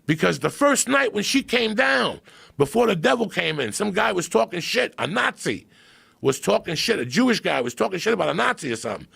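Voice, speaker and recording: A man on a podcast, telling a story in a profane, animated way that swings from hushed and low to loud and excited. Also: a little fast, creaky, breathy edge, no echo. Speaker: podcast guest.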